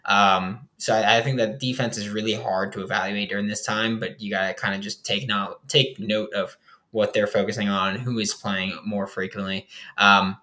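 A young man hosts a casual sports talk show in a rather low voice. He talks in a loose, rambling way, stacking fillers and restarting his sentences as he works through the roster. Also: level tone, normal speed, pushed and bright. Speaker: sports podcast host. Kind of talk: casual football analysis.

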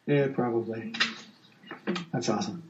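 A man co-hosting a podcast, chatting casually and reading comic book lines aloud in quick voices. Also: mid-range voice, mellow, highs cut off, slight background noise. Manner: reads comic dialogue aloud in quick voices, laughs often. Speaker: podcast co-host recapping a comic. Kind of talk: casual chat.

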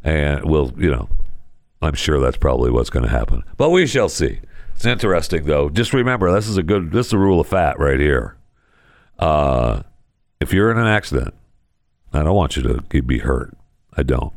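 A very low-voiced man in middle age talks in an animated, wandering way, circling back on himself as he tells a story. His voice sounds dry and close, with no room around it. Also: normal speed, gravelly, no echo. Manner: animated, digressive storyteller with many restarts. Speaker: talk show host. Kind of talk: casual rambling talk and live ad read.

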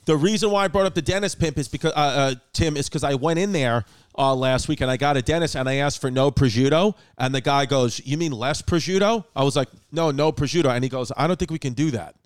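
A man hosting a podcast, telling stories in a quick, restless way. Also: on the high side, clear, resonant tone, dry recording. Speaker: podcast host. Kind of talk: casual chat.

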